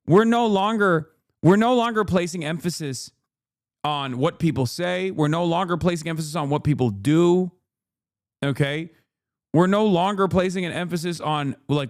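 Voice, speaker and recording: A man streams a heated, casual commentary rant, swearing freely and pressing every point with a pointed "okay?". His voice sits a bit high for a man, and the sound is dry and close with no room around it. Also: no room sound. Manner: profane, emphatic, keeps asking "okay?".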